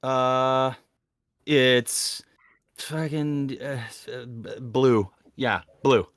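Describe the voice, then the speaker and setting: A man plays a tabletop game and narrates his character's actions in a theatrical way. He speaks slowly and dramatically. The sound is dry and close. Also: mid-range voice, a bit bright, no echo. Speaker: player.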